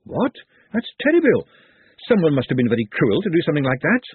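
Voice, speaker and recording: A man's voice: on the high side, wildly swooping pitch, a little fast, husky, dry recording, pitched above the performer's own voice, heavily acted. A man voicing an earnest, outspoken young woman in a storybook reading, pleading and insistent. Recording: tinny phone-like dry audio.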